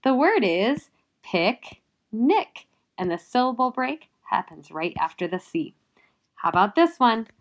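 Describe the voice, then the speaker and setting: A woman teacher giving a phonics lesson to young children, sounding out letters and syllables with patient, gentle prompting. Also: a little high, sing-song, normal speed.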